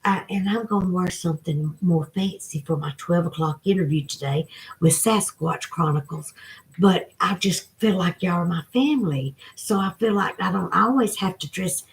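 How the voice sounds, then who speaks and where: Southern woman, forties-plus, livestream host, folksy and tender, a bit low-pitched, into a phone. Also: moderate pace. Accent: Southern American. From Southern United States. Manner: folksy, emotional, talks to viewers by name. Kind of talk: casual livestream chat.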